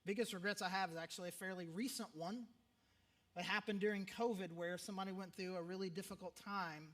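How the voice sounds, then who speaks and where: A man's voice: high voice, fairly even intonation, fast talker, fairly bright tone. A man who is a pastor, preaching a sermon in a conversational way, often repeating himself for emphasis. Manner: conversational, self-interrupting, emphatic repetitions.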